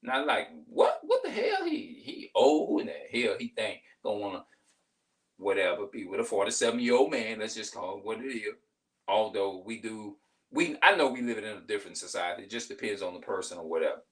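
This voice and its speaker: A man's voice: lowish voice, big pitch swings, a little fast, fairly bright tone, far from the mic, poor audio. A man in his forties talking passionately to camera in a casual vlog monologue, emphatic, often restarting his sentences. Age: 40s. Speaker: vlogger.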